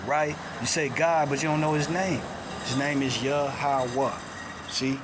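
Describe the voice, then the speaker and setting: A man teaches scripture in a loose, streetwise way, with "man" and "all right?" scattered through his talk. His delivery is insistent. It swings from raised emphasis down to low, muttered asides, with a faint hiss behind him. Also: a little slow. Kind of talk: informal bible teaching.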